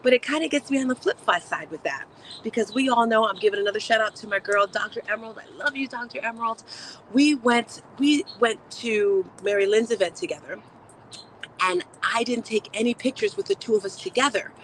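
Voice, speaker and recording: A woman's voice: fairly high pitch, brisk, a bit bright, a little hiss or hum, poor audio. A woman hosting a motivational live stream, chatting upbeat and speaking straight to her viewers. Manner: upbeat, chatty, talks to chat. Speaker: host.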